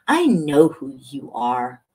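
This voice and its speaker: A woman reading the lines of a smug, menacing grown man who taunts calmly and matter-of-factly. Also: a bass voice, slow, breathy edge, heavily acted. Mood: taunting.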